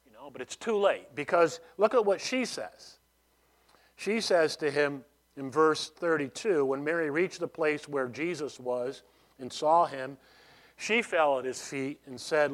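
A man delivers a sermon in an easygoing, conversational way, pausing to restart phrases. His voice is slightly higher than most men's. He takes his time with each phrase. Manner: conversational preaching, frequent restarts and "you know". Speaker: pastor.

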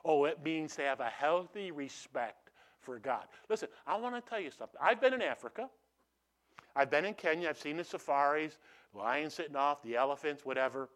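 A man preaching a sermon, telling stories with animated swings from hushed to loud and frequent restarts. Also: fairly high pitch, fairly quick. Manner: repeats and restarts phrases. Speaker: pastor.

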